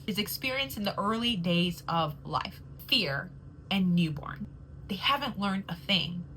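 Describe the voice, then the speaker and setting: A woman hosts a reflective, faith-based monologue, earnest and encouraging. She talks at an unhurried, deliberate pace and lingers on important words, her pitch moving expressively. Her voice is bright and clear. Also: slight background noise, poor audio. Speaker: podcast host.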